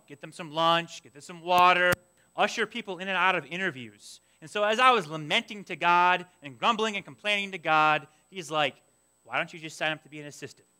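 A young adult man preaching a sermon, telling a personal story in an animated way and acting out his own past complaints. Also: high voice. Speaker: pastor.

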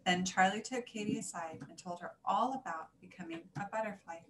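A woman reading a children's story aloud in an animated, singsong way. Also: mid-range voice, fairly quick. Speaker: story reader. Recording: echoey room, faint hiss.

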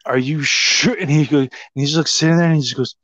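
A man's voice: on the high side, rapid-fire, dry recording. Guy rambling through a crazy story, swears a lot, says like constantly, dry kinda muffled audio. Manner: animated, profane, heavy use of "like". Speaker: guest. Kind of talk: casual storytelling. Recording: slightly dull, dry sound.

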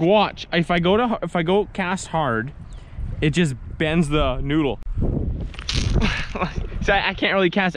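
A man's voice: a little high, a bit bright, slight background noise. A man vlogging from a boat on the water while fishing, giggling and exclaiming often. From Saskatchewan, Canada. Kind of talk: excited outdoor vlog commentary.

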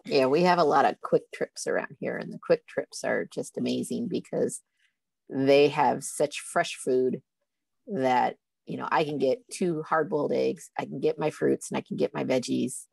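A woman's voice: rumbling low, normal speed, gravelly, darkish tone, breathy edge, no echo. A woman with a rural Illinois accent, telling stories and laughing easily in a casual video call. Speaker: coaching call participant.

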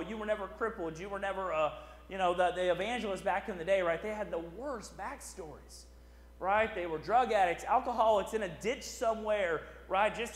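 A man preaching a sermon as pastor, in a conversational style full of "right?" asides. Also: high voice. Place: church sanctuary. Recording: echoey church hall.

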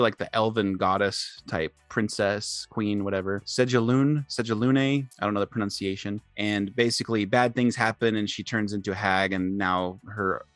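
A man with a lowish voice chats loosely with other game masters, working through ideas out loud and dropping "like" constantly. The sound is dry and close, with no room echo. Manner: rambling, lots of "like" fillers. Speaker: dungeon master on a roundtable panel. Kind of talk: casual panel discussion.

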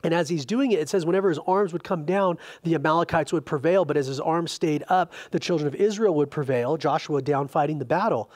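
Chatty pastor with a higher voice. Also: male voice, brisk, hardly any pauses. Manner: chatty and informal, retelling scripture with animated asides. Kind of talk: conversational Bible teaching.

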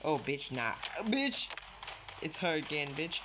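A young man giving casual commentary while playing a mobile shooter, jumpy and constantly swearing, yelping when startled. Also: slow pace. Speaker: mobile shooter game streamer. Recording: noisy low-quality audio with loud hiss.

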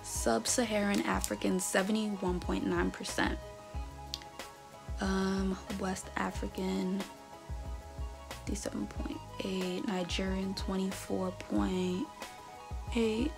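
A woman in her twenties, born in North America, chatting casually in a vlog and reading results aloud with animated reactions. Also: mid-range voice, slow, creaky, long pauses. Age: 20s. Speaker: vlogger. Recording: background music under the voice. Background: music.

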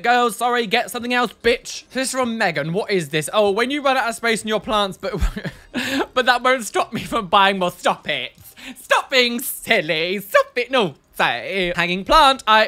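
A man's voice: sits high, pushed and bright. A man, a body piercer, hosting a casual reaction video in a camp, sassy, exclamatory way. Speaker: body piercer and show host.

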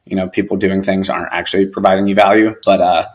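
Over a rough recording, a podcast guest who invests in real estate speaks fast in a deep, level voice. His casual storytelling wanders, packed with filler and constant use of "like."

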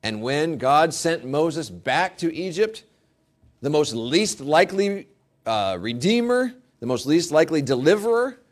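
A male pastor preaching a sermon, emphatic and rising to forceful peaks, acting out quoted prayers with mock pleading. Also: a little high, big pitch swings, unhurried.

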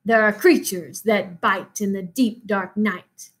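A woman's voice: medium pitch, fairly even intonation, takes it slowly, close to an everyday voice. A woman doing a stern skeleton. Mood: scolding. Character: bossy male skeleton.

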